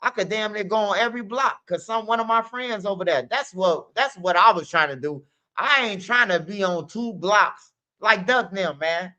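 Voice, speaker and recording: A man's voice: sits high, animated, moderate pace, pushed and bright. A man hosting a stream, talking in a loose, slangy, rambling monologue full of "man" and "bro". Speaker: streamer host.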